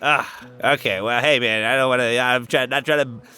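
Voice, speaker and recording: A man's voice: medium pitch, steady tone, normal speed, bright, forceful tone, smooth, soft background music, close to an everyday voice. A man playing an adventurer disguised as a goblin, chatting in buddy-buddy slang. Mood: friendly.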